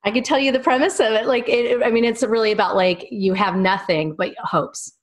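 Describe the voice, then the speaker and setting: A woman's voice: fairly high pitch, brisk. A woman in her thirties, a guest in a casual interview, telling long, rambling personal stories. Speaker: small business owner and guest.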